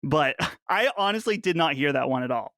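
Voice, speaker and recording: A man's voice: fairly high pitch, expressive, moderate pace, pushed and bright, no echo, studio quality. Teasing male podcast co-host. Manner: teasing, laughs often, playfully defensive. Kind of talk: casual chat.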